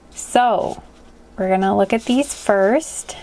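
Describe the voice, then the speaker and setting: A woman's voice: mid-range voice, slow, a little mellow, slight background noise. A woman giving a casual pick-a-card tarot reading, rambling and hesitant, with many fillers and frequent laughs. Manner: rambling and hesitant, full of likes and ums, laughs often.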